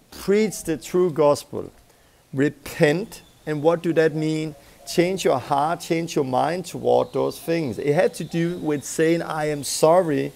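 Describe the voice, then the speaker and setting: A middle-aged man preaches in a Scandinavian-accented voice that sits high and has a gravelly edge. He talks with emphasis and pushes his points hard. Now and then he acts out little scenes. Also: dark tone. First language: Danish. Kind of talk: sermon teaching.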